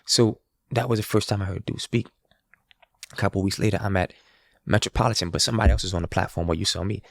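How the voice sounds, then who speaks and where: A young man from New Orleans, a guest musician, telling a story in a casual, animated way. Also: low-pitched, fast talker, gravelly, no room sound, clean studio sound. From New Orleans, USA. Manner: animated, acts out quoted voices.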